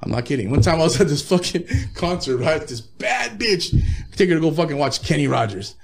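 A man's voice: fairly high pitch, sing-song, a little fast, vocal fry, noisy background. A man, a rapper guest in his thirties, telling profane, laid-back stories with frequent laughs in a casual interview.

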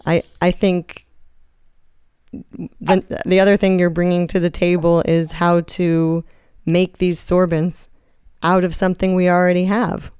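A woman's voice: fairly low pitch, flat delivery, measured pace, long pauses, darkish tone, clean tone, no echo, clean studio sound. A woman hosting a casual interview, affirming her guest and talking with some restarts. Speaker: interview host.

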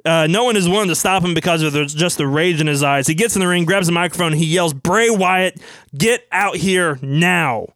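A man casually narrating a wrestling storyline as brisk play-by-play. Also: a little high, fairly bright tone, dry recording.

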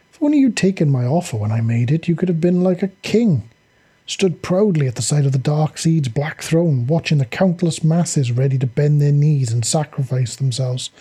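A man's voice: fairly high pitch, lively intonation, normal speed, warm tone, slightly rough. A man reading aloud and voicing a seductive, cruel female fallen angel who taunts and mocks in a sultry way. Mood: mocking.

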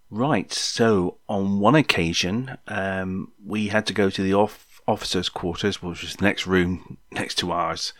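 A man in his sixties tells an old story in a loose, chatty way, full of ums and little jokes to the listener. His voice sits on the low side. The sound is dry and close, with no room echo. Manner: rambling and jokey, with frequent ums and asides to listeners. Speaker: podcast storyteller. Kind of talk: casual spoken memoir.

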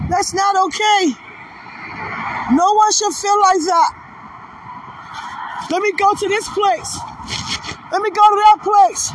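A woman's voice: extremely high pitch, takes it slowly, pauses often. A woman preaching a sermon, building emphatic runs of repeated rhetorical questions. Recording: distant mic, faint noise.

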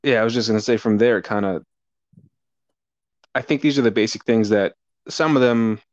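A low-voiced young man speaks in a relaxed, reflective way, chatting casually. The recording is dry and a bit dull and lo-fi. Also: fairly quick, dry recording. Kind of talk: casual conversation. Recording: dull lo-fi sound.

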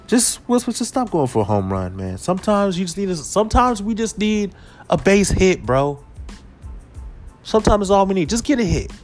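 Here a man running a podcast delivers a loose, funny rant full of vocal ups and downs. He's animated throughout, playing with pitch and volume and sometimes slipping into a low put-on tone.

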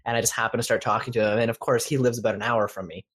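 A man from Canada co-hosting a podcast, telling an anecdote in a relaxed, easygoing way. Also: medium pitch, racing, slightly rough. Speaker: podcast co-host. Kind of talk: casual chat.

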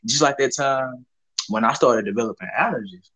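A young man from the Southern US with a husky, slightly breathy voice, rambling through a story with lots of fillers and cussing. He keeps a casual, laid-back tone. His pitch sits in a middle range. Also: moderate pace, a bit bright, muffled recording. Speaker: podcast co-host.

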